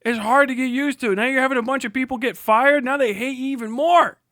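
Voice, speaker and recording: High-voiced man in a furious profane rant. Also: steady tone, fairly quick, no room sound, studio quality. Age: 30s. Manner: profane, shouting insults, bursts of laughter. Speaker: livestream host. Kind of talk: angry livestream rant.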